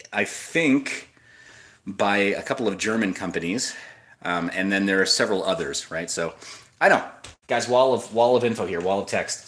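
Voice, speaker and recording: A man's voice: lowish voice, fairly bright tone. Rambling man chatting on a livestream. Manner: rambling, with frequent restarts and asides. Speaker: livestream host. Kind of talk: casual livestream chat, reading viewer comments.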